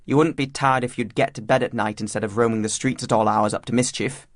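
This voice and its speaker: A man's voice: mid-range voice, fairly even intonation, fast, dry recording, lightly acted. Man reading a stern headmaster, harsh, commanding, dry close sound. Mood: scolding. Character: stern shouting male headmaster.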